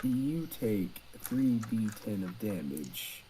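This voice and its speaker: A man's voice: fairly low pitch, very animated, takes it slowly, dark tone, slightly rough, poor audio. A man running a tabletop game as dungeon master, narrating monster attacks in a casual, joking way with some swearing.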